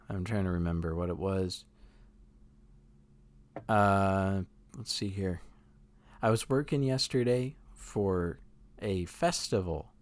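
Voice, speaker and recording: A man's voice: on the low side, darkish tone. A man co-hosting a casual podcast, telling stories in a laid-back way, swearing casually and laughing often. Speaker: podcast co-host.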